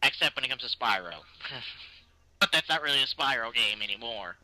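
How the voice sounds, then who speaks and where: A man's voice: mid-range voice, a little fast, no room sound, rough recording. A man co-hosting a gaming show, chatting casually and jokingly over a demo and mimicking voices. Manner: animated, jokey, mimics voices. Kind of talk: casual gameplay chat.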